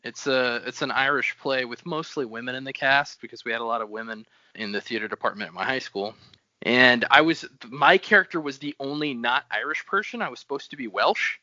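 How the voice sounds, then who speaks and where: A man chats casually about a book with friends, animated and ready to jump into playful voices. His tone is bright and forward, recorded dry and close. The audio is slightly dull and lo-fi. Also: medium pitch, no echo. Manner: animated, does quick character voices. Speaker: podcast co-host. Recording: dull lo-fi sound.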